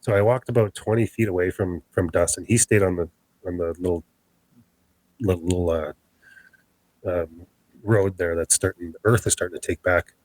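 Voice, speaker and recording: Low-voiced man telling a spooky story. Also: normal speed, pauses often, dry recording, low-quality recording. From Canada. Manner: animated, acts out quoted dialogue. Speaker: podcast guest. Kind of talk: storytelling an encounter.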